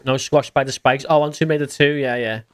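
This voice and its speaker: A man's voice: mid-range voice, fairly even intonation, brisk, a bit bright. A man with an English accent, chatting casually on a game live stream as he reads out and answers viewer messages.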